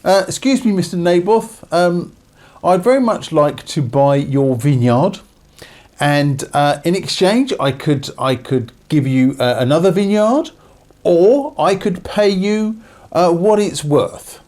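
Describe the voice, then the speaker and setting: A man's voice: fairly high pitch, animated, slow pace, darkish tone. A man voicing a sulky grown king who pleads and whines, stammering as he asks. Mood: pleading. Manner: whiny, stammering, hesitant.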